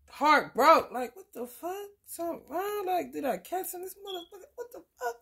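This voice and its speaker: Woman tarot reader with a fairly high voice, speaking in a blunt, profane rant that jumps from shouting to muttering. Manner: blunt, profane, swinging between loud outbursts and muttered asides. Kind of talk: casual tarot reading rant.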